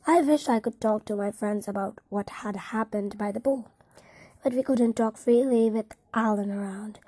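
A woman narrating a first-person audiobook in a soft, close reading. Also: medium pitch, moderate pace, husky, no echo.

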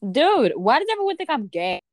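Animated young woman, lively voice. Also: sits high, no echo, clean studio sound. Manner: animated storyteller acting out texts. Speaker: friend chatting. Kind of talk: casual chat.

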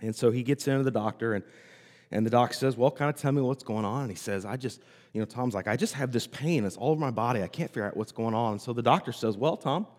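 A man preaching a sermon, telling a story in a conversational way and pausing often. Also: medium pitch, darkish tone. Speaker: pastor. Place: church sanctuary. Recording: hall reverb.

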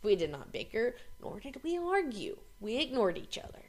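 A young woman chatting candidly on a podcast, blunt and quick to swear. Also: on the high side, big pitch swings. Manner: blunt, heavy swearing, speeds up when worked up. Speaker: podcast co-host. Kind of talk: candid casual chat.

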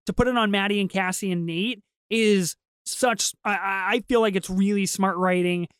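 A woman co-hosting a podcast in casual chat, talking quickly and eagerly with lots of restarts. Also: mid-range voice, clear, resonant tone, no room sound. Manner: fast, animated, with repeated restarts. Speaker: podcast co-host.

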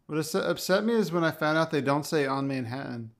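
A man co-hosting a casual podcast chat, making goofy deadpan jokes. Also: a little high, fairly quick, gravelly. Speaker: podcast co-host.

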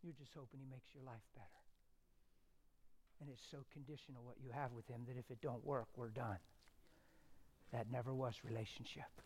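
A middle-aged man preaching a testimony sermon, swinging from loud shouted stretches to hushed, near-whispered ones. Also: medium pitch, steady tone, moderate pace, pauses often, slight background noise.

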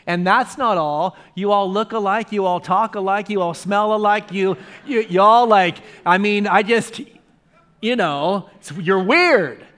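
A man's voice: high-pitched, fairly even intonation, measured pace, a bit bright, smooth. A male pastor preaching a sermon in a conversational way, driving points home with emphatic repetition.

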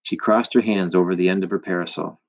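A man reading a novel aloud in steady, vivid scripted narration. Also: low voice, fast talker, dull audio. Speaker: audiobook narrator.

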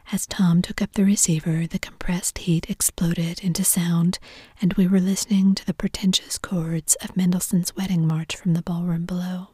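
A woman reading a novel aloud in a soft, even whisper, a whispered role-play with a close mic. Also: lowish voice, moderate pace, slightly rough, dry recording. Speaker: reader.

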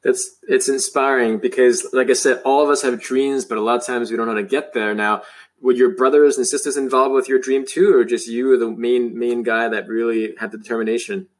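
A man's voice: mid-range voice, steady tone, a little fast. A man hosting an interview, asking questions in an encouraging way and often repeating "wow". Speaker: host.

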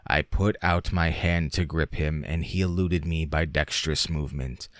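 A man narrating a classic short story as an audiobook, with lively, dramatic emphasis. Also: extremely low pitch, moderate pace, no echo, studio quality.

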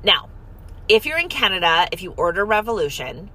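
A woman in casual chat from a parked car, retelling an errand in animated detail with quoted dialogue. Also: fairly low pitch, a little fast, a little hiss or hum. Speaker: storyteller recounting an errand.

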